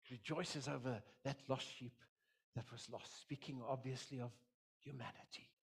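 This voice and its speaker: A man's voice: mid-range voice, fairly even intonation, moderate pace, gravelly, slightly rough. A middle-aged man preaching as a pastor, with an impassioned, repetitive delivery that swells and drops. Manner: impassioned, repetitive preaching with dramatic quoted voices. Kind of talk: sermon.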